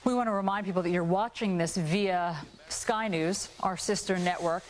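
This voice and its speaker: A woman's voice: fairly low pitch, a little hiss or hum. Woman anchoring live news coverage. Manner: prompting guests with brisk questions.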